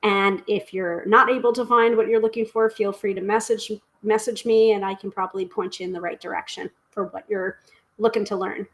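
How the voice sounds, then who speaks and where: A middle-aged woman hosting a live tarot stream, talking casually and excitedly with many fillers and restarts. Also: mid-range voice, brisk, poor audio. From United States.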